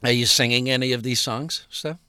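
A man's voice: mid-range voice, fairly even intonation, a little fast, sharp tone, clean tone, dry recording. A man hosting a casual podcast interview, joking and rambling as he talks. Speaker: podcast host.

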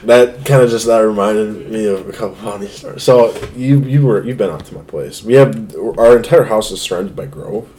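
A man's voice: fairly low pitch, normal speed, few pauses, warm tone. A man co-hosting a podcast, telling a childhood story in casual chat and laughing through it. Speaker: podcast co-host.

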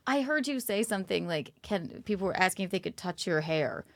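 Woman, from South Carolina, comedian guest, laughing, mid-pitched, dry studio sound. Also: lively intonation, a little fast, no room sound. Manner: laughing, chatty and self-deprecating. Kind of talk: casual podcast chat. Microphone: studio microphone.

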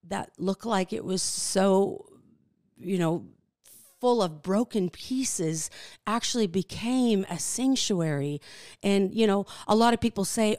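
A woman in her fifties, a podcast guest, telling her personal faith story in a reflective, halting way with many fillers. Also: medium pitch, a little mellow, no echo, studio quality.

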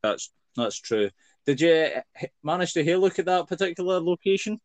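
A man's voice: fairly high pitch, expressive, moderate pace, dry recording. A man with a Scottish accent co-hosting a podcast, teasing and laughing often in casual chat. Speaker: podcast co-host.

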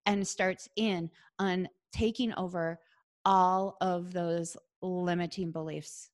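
A woman from the Midwest, hosting a casual solo podcast in a chatty, earnest way, with lots of "like.". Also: mid-range voice. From American Midwest. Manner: chatty and earnest, heavy use of "like". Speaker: podcast host.

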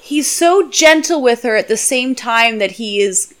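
A woman's voice: on the high side, unhurried. A woman co-hosting a casual book podcast, gushing and acting out quotes from the book. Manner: gushing, animated, acts out quotes. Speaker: podcast co-host.

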